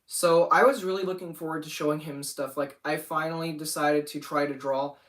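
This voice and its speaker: A man's voice: fairly high pitch, steady tone, fairly quick, fairly bright tone, far from the mic. A young man rambling casually about his animation channel on a livestream, often getting sidetracked. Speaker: channel owner.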